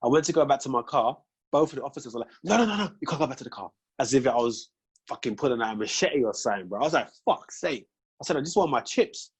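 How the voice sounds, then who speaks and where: A man's voice: medium pitch, fast, slightly rough. A young man hosting a casual chat, telling stories and acting out both sides of conversations. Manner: animated storytelling, acts out police exchanges. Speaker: podcast host.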